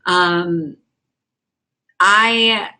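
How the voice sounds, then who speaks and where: A young woman with a lowish, sharp-toned voice hosts a livestream as a comedian. She chats quickly and casually with viewers, speaking frankly and profanely while reacting to their comments.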